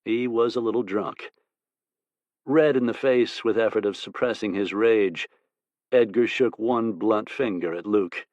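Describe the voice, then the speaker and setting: A man narrating an audiobook in a steady, measured way. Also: fairly low pitch, dry recording, muffled recording.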